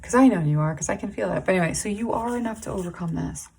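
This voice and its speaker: A woman giving an intuitive tarot reading to camera, halting and rambling with many "like"s and restarts, emotionally intense and pausing to sigh and breathe. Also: mid-range voice, creaky, darkish tone, breathy edge. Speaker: tarot reader.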